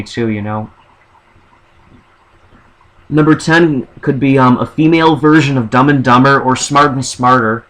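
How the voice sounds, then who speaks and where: A man talking alone to his camera in a loose, rambling way, working through a list of ideas. His voice sits at an ordinary pitch. He often restarts his sentences. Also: a bit bright, low-quality recording. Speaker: vlogger. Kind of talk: casual monologue listing ideas.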